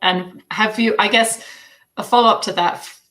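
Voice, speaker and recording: A woman's voice: mid-range voice, fairly even intonation, moderate pace, fairly bright tone. A woman speaking as an audiobook publisher on an online panel, thoughtful and a little hesitant, with many fillers. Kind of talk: casual panel discussion. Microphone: video call.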